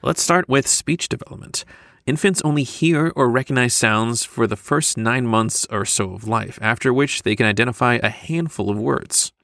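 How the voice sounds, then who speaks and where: A man co-hosting a casual educational podcast, explaining things in a playful, easygoing way with quick asides. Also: mid-range voice, creaky, fairly bright tone, no room sound, studio quality. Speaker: podcast co-host. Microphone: studio microphone.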